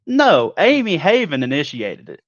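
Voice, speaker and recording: A man's voice: on the high side, wildly swooping pitch, moderate pace, no room sound. Aggrieved male wrestler on a dull call. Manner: defensive, aggrieved, boastful. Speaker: guest wrestler. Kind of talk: in-character wrestling promo interview.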